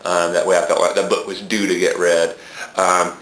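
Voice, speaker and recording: A man with a Southern US accent talks casually as a book reviewer on his video blog, pausing often with ums. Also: low voice, level tone, fairly bright tone. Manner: hesitant, many ums. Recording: echoey room.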